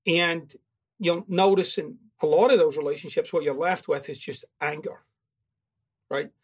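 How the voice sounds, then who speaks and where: A man's voice: on the high side, normal speed, slightly rough. A man delivers a self-help monologue in a blunt, confrontational way. He swears often and presses the listener with pointed questions. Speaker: host of a self-help talk show. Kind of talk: motivational monologue.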